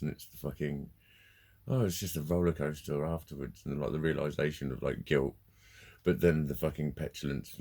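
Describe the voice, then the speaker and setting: A man's voice: extremely low pitch, creaky, a little mellow, breathy edge. A man ranting casually in a sweary, heated way, telling a story with bursts of laughter. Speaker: vlogger.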